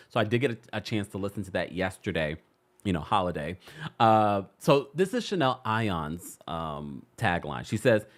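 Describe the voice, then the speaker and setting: A man hosting a celebrity gossip show, chatting casually with his live audience in a playful, teasing way, laughing often. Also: fairly low pitch. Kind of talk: casual commentary to a live chat.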